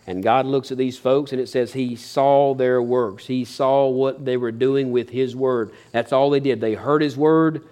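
Man, pastor, folksy sermon, earnest, mid-pitched voice. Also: fairly even intonation, unhurried, hardly any pauses, mellow. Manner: folksy, earnest preaching with rising emphasis.

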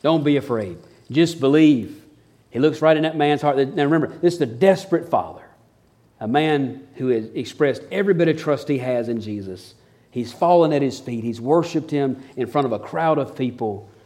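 A man's voice: mid-range voice, normal speed. Folksy man preaching a sermon. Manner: folksy, animated storytelling with dramatized quotes. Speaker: pastor.

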